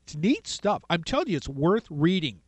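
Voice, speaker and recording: Animated high-voiced male radio host. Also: normal speed, slightly rough, no room sound. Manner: animated, retells stories acting out voices. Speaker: radio talk show host. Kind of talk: call-in radio talk, storytelling.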